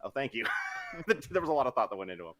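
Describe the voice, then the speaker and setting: A man from Idaho talks about his novel as a podcast guest. He speaks quickly, with lots of rise and fall in his voice. He rambles, cuts himself off and laughs easily. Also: lowish voice, sing-song, a bit bright. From Idaho, USA. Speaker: guest author. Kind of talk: casual podcast interview.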